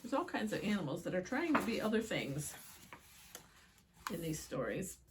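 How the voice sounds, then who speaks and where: A woman's voice: mid-range voice, sing-song, normal speed, background noise. A woman reading picture books aloud to children, with chatty asides and questions for the young viewers. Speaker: children's story time reader.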